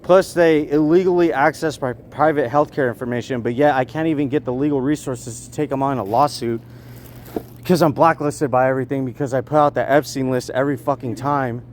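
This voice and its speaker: A young man ranting in a rambling street vlog, agitated, swinging from loud outbursts to low muttering. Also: fairly even intonation, fairly quick, a little hiss or hum. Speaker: vlogger.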